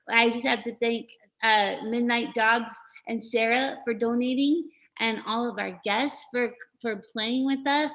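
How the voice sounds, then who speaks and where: A woman hosting a show, wrapping up casually, halting and stumbling over her words. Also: on the high side, fairly bright tone, low-quality recording. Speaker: host. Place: home video stream.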